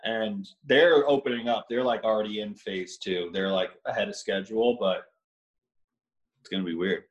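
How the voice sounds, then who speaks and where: A man's voice: fairly low pitch, normal speed. Male co-host, easygoing, filler-heavy chat, roomy echo on his mic. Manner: casual, full of filler "like". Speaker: podcast co-host. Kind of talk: casual chat.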